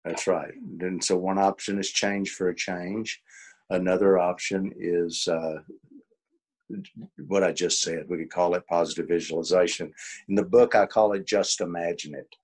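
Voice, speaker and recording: A man's voice: deep voice, steady tone, moderate pace, a little mellow. An older man leading a coaching webinar, explaining in a folksy way with acted-out examples over a video call. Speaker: coach and workshop leader. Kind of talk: teaching a webinar.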